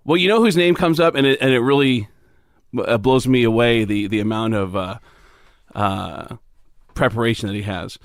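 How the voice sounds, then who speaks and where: A man's voice: mid-range voice, normal speed, no room sound, clean studio sound. A man, a comedian guest on a podcast, telling stories in an easygoing way with many fillers. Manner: easygoing, storytelling, stumbles over fillers. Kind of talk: casual chat.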